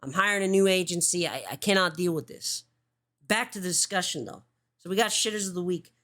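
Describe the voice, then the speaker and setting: A woman's voice: lowish voice, a little fast, a bit bright. A woman hosting a livestream show, giving casual commentary, swearing often and restarting her sentences.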